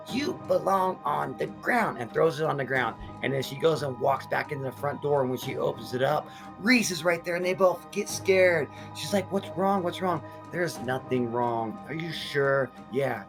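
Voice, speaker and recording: A man's voice: medium pitch, vocal fry. A man reviewing a horror movie, retelling the whole plot in a blunt, profane, ranting way.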